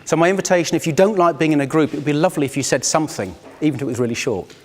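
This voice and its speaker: Male facilitator, fairly high voice, reflective and inviting, recorded in an echoey conference room. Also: rapid-fire, a little mellow. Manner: reflective, inviting, personal storytelling. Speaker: workshop facilitator. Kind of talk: live workshop talk to a group. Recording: long hall reverb.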